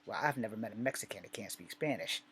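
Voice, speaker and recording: A man voicing a condescending female teacher who speaks in a quick, offhand way. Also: fairly low pitch, expressive, fairly bright tone, a little hiss or hum. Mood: dismissive.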